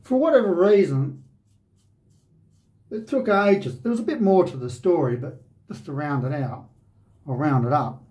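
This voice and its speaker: A man's voice: on the high side, expressive, normal speed, pauses often, a little mellow. An Australian man, host of a shaving channel, telling a personal story in a rambling, conversational way with lots of "you know".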